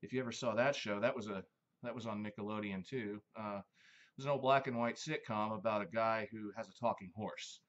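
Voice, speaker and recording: A man's voice: lowish voice, steady tone, a little fast, fairly bright tone, highs cut off. A man hosting a casual monologue, rambling and reminiscing with many fillers. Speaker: host.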